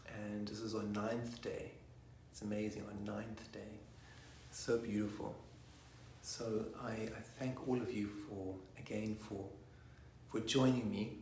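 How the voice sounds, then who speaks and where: A man leading a guided meditation online, soft-spoken and slipping into whispers at times. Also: fairly low pitch, flat delivery, slow, a little hiss or hum. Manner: rocks forwards and back while chanting. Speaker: meditation teacher. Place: online session from a room. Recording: roomy echo.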